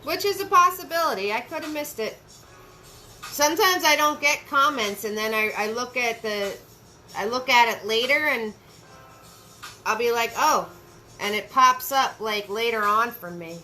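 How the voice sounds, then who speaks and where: A paint party host guides a live lesson one brush step at a time, repeating key phrases and greeting viewers by name. Her higher voice is bright and forceful at a moderate pace, over soft background music.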